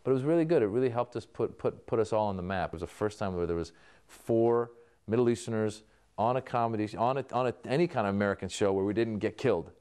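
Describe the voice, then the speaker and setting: A man, a comedian, talks through an interview in a storytelling manner, acting out old exchanges with people. His voice sits on the lower side and comes across smooth and resonant. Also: quick pace, warm tone. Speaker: comedian guest. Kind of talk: interview answers.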